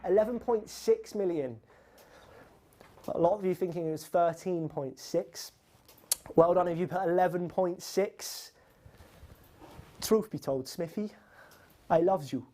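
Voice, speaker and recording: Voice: mid-range voice, measured pace, pauses often, warm tone. A quiz host running a live online quiz, reading out questions and scores in a chatty, teasing, upbeat way.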